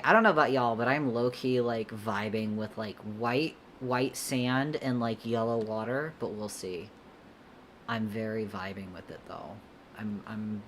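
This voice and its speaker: A young woman chats with her livestream audience as she draws, her voice unusually deep for a woman and her pace slow and unhurried. She rambles in a loose, slangy way and dissolves into giggles often. A faint hiss of noise sits under her voice. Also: fairly bright tone. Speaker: artist streamer answering chat. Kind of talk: casual livestream chat while drawing.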